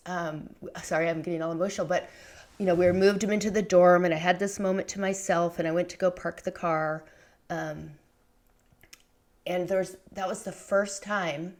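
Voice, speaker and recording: A middle-aged woman speaks as a guest in a relaxed podcast conversation. Her voice sits on the low side, and she talks candidly and loosely, circling back with fillers and restarts as she works through her thoughts. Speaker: podcast guest, memoir author. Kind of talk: conversational interview.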